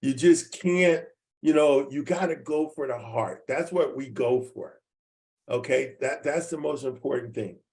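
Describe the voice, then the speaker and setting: Leading a team training on a video call, this seventy-something man has a mid-range, somewhat dark voice and never rushes. His style is homespun and repetitive, and he often turns to the audience with questions.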